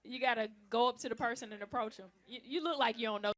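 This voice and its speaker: A woman in her thirties doing a stand-up comedy set, brash and teasing the crowd, with loud acted-out bits. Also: on the high side, fast talker, very noisy. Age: 30s. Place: comedy club stage. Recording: live club recording with crowd. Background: audience laughter.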